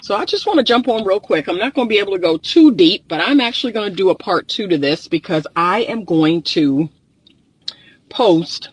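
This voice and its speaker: High-voiced man, groggy morning voice, therapist vlogging outdoors on a phone, emphatic and repetitive. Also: animated, moderate pace, breathy edge, no room sound, rough recording. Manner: emphatic, repeats points, talks to viewers directly. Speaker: relationship therapist. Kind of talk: casual vlog commentary. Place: outdoors in the sun. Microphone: phone held or propped nearby.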